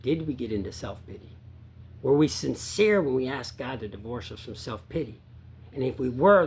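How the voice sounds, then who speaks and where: A man coaching sobriety in a casual talk to viewers, earnest and repeating himself, rising to loud emphasis and dropping to quiet, low asides. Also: creaky, slight background noise.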